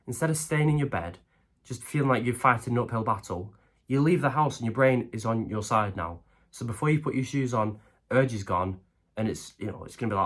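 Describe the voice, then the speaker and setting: A young man talks straight to camera in a blunt motivational monologue. He swears casually and keeps punching his points home with "okay?" and "right?". His voice sits at an ordinary middle pitch for a man. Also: fairly quick. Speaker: self-help video host.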